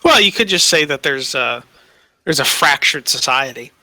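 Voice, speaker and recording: A man with a very bright, forward voice runs a tabletop game in loose, casual talk. He circles back over his own words and restarts phrases as he explains. The sound is dry and close. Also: medium pitch, animated, normal speed, no room sound. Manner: repeats himself, restarts sentences. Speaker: game master.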